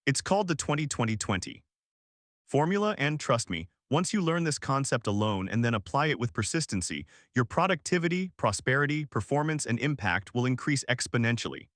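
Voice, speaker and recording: A man voicing a calm, confident wealthy mentor who speaks with assured, emphatic authority. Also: mid-range voice, a little fast, no echo, studio quality, close to an everyday voice. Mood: enthusiastic.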